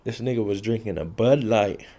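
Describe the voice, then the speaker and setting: A man's voice: fairly low pitch, normal speed, dark tone. A man telling a story from his past in blunt, profane street talk, repeating key phrases for effect. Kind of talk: casual street storytelling to camera.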